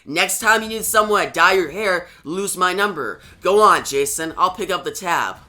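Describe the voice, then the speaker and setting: Flirty mercenary woman read by a man, flat delivery, bright tone. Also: high-pitched, moderate pace, heavily acted. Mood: teasing.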